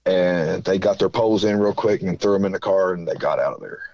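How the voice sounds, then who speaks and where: A man's voice: low voice, a little fast, a little mellow, no room sound, muffled recording. A man from southern Indiana calling in, telling a story in a rambling, folksy way with lots of fillers. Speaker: caller. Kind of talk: casual storytelling.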